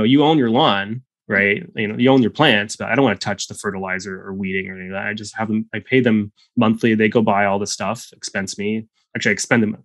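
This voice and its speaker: A man talking as a guest in a casual interview, an animated storyteller full of quick restarts. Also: lowish voice, no room sound. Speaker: guest, software founder.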